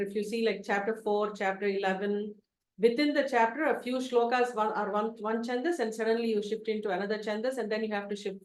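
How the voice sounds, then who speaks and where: A woman leading an online chanting class, chanting verses slowly syllable by syllable for students to repeat and explaining them in a calm teaching manner. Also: mid-range voice, reverberant. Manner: slow, deliberate syllable-by-syllable chanting for repetition. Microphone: video call.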